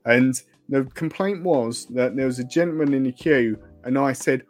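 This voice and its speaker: Brief: Essex man, relaxed podcast co-host, jokey, mid-pitched voice, faint music underneath. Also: moderate pace. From Essex, England. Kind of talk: casual chat.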